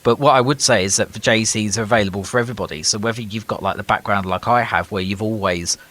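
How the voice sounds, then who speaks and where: A man's voice: fairly low pitch, fast, a bit bright. A man with a British accent, a guest in casual conversation, explaining at length with frequent ums and repeated words.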